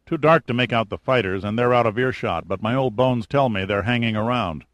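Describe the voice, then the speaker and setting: A man's voice: mid-range voice, a little fast, fairly bright tone, no echo, natural voice. A man voicing a sarcastic, grumbling sidekick in an audiobook, with a dry delivery. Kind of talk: audiobook character voice.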